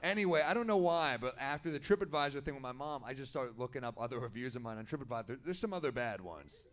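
A man telling a story in stand-up comedy at an indoor venue, with a wry, deadpan delivery. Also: mid-range voice, quick pace.

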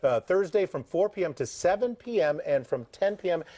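A man's voice: sits high, lively intonation, moderate pace, dark tone. A man hosting a morning TV news segment, asking playful, bantering questions. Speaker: TV news host. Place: TV news studio.

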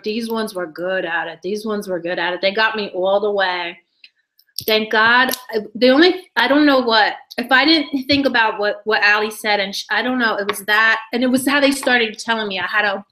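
A woman's voice: a little high, pushed and bright. A young woman chatting to her viewers in a rambling, giggly way, swearing freely. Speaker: YouTuber talking to live chat. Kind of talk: casual chat to viewers.

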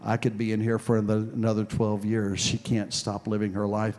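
A man preaching a sermon and telling a story from his own past, dropping soft and low, then building to loud, forceful preaching. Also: completely flat delivery, normal speed, faint music behind. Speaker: pastor. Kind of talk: sermon with personal testimony.

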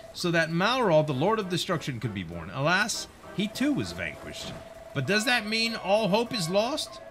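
A man voicing a solemn monster cultist who proclaims the fall of his dark lord in a slow, grave tone. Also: a little high. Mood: defiant. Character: grand, solemn male monster cultist preacher.

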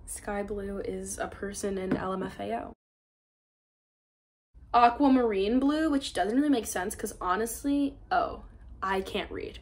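A woman's voice: mid-range voice, a bit bright, a little hiss or hum. A young woman chatting casually in a home vlog, rambling and poking fun at herself. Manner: chatty, self-mocking, rambling. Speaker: YouTuber.

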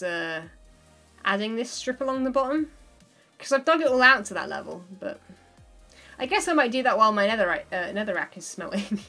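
Woman, casual game stream chat, fairly high voice, laughs a lot, faint music behind. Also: a bit bright. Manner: chatty, laughs often, thinks aloud. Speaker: livestreamer. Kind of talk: casual livestream chat while playing.

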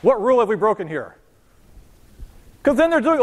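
A man teaching a university physics lecture, animated and joking as he talks to his class. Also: high voice, normal speed. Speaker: physics professor. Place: lecture hall. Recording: reverberant lecture hall.

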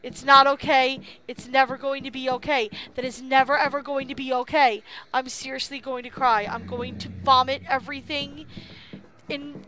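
High, bright young woman streaming horror. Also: flat delivery, normal speed. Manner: frightened, swearing, cries out often. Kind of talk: live horror game commentary.

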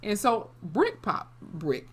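A woman's voice: medium pitch, huge pitch swings, slow, husky. A woman casually recapping a TV episode, blunt and salty, with many "you know" fillers. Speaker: TV episode reviewer.

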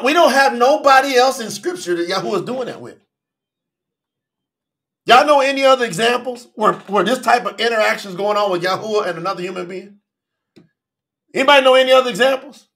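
A man's voice: high-pitched, sharp tone. A male preacher delivering a sermon in an emphatic, colloquial way, often asking the congregation direct questions.

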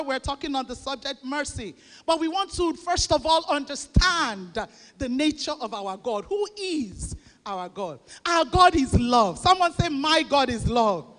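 A woman pastor preaching a sermon, leading the congregation in call-and-response and often rising to shouts. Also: high voice. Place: church. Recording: long reverb of a large church hall.

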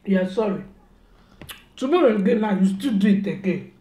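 A young mother talks at home in a mellow, darker voice, scolding and repeating herself in a mock-stern tone. The room is echoey and roomy. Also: mid-range voice, animated, fairly quick. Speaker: mother and vlogger. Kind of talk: casual family prank talk.

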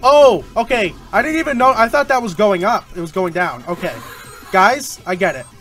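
A young man hosting a gaming channel, giving excitable, easily frustrated commentary while he plays. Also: high-pitched, normal speed, soft background music. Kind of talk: let's-play commentary.

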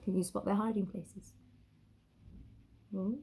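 A woman teacher reading a picture book aloud to children, expressive and stopping to ask the listener questions. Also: medium pitch, slow pace.

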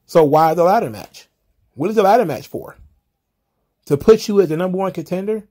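A man's voice: high voice, a little fast, mellow, slightly rough. A man hosting casual solo wrestling recap commentary, rambling and wry, often exasperated, with the odd swear.

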